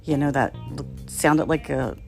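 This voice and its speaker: A middle-aged woman from the Philadelphia area tells a family story in a loose, rambling way, full of fillers and frequent laughter. Her voice sits a little low. Faint music plays behind her. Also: steady tone, moderate pace, creaky, darkish tone. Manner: rambling, laughs often, many fillers and restarts. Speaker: storyteller, podcast host. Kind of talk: casual storytelling.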